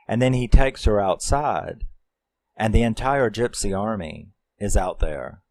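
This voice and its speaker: A man's voice: fairly low pitch, a little slow, darkish tone, no echo, rough recording. A man reviewing a film, recapping the plot in a rambling, casual way with lots of fillers and some swearing.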